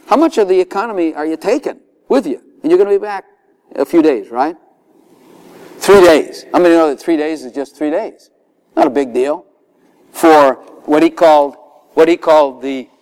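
A man preaching a sermon, telling stories with laughter and acting out quoted voices. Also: on the high side. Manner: animated storytelling with laughs, dramatic quoted voices.

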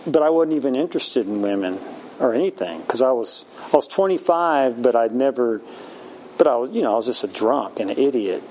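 A man in his sixties talking candidly about faith, self-mocking, with frequent halting restarts. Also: mid-range voice, animated, darkish tone, slight background noise, rough recording. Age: 60s. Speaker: Christian speaker. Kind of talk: casual faith talk.

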